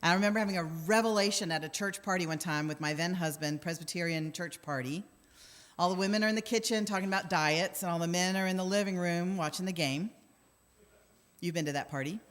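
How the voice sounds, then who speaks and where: A woman's voice: on the low side, brisk. A middle-aged woman minister telling wry, self-deprecating stories in a conversational sermon, acting out the quotes. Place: church sanctuary. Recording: long church hall reverb.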